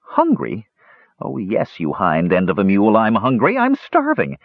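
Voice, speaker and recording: A man voicing a furious, starving male squirrel who is caged and sharp-tongued, with shrill, indignant chattering. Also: wildly swooping pitch, normal speed, vocal fry, no echo, heavily acted. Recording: dull lo-fi recording.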